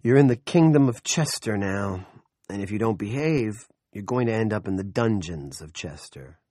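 A man's voice: lowish voice, animated, moderate pace, mellow, dry recording, clean studio sound. A man voicing a cocky, crude young male deputy in an audiobook, sarcastic and exasperated. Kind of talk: audiobook character voice.

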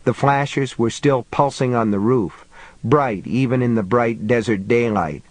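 A man reads a novel aloud in a steady, measured voice at a middle pitch. The recording is close and completely dry, like a booth read. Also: no room sound, poor audio. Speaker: audiobook narrator. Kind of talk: scripted narration.

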